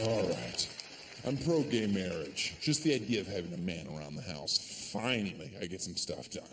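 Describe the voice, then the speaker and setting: Brief: man doing stand-up, deadpan-sardonic, animated pitch, noisy live club recording. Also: moderate pace, big-room sound. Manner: sardonic, deadpan delivery with sudden yelled punchlines. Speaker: stand-up comedian. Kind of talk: stand-up comedy. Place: comedy club stage.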